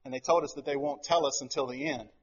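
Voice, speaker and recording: A middle-aged man preaching a sermon as pastor, telling a family story with animated, acted-out quotes. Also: mid-range voice, quick pace, muffled recording, slight background noise.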